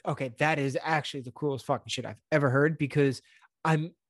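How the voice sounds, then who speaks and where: A man's voice: on the high side, fairly even intonation, brisk, no echo, clean studio sound. A man from New York co-hosting a casual comedic podcast chat, joking and laughing often. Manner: joking, laughs often, slips into mock voices. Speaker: podcast co-host.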